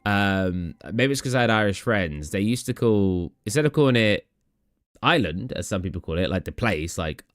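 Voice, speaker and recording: Rambling on stream and acting out how he reacts, a young British man chats casually with viewers in a low-leaning, expressive voice at a moderate pace. There's no room sound, and the dry space carries a little music faintly behind him.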